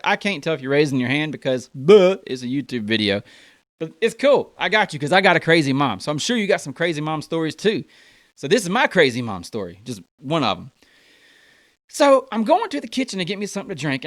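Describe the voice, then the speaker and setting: A young American man performs stand-up comedy, telling a story and acting out the voices of its characters with big jumps in pitch. He's animated throughout, and the recording is studio quality with no room sound.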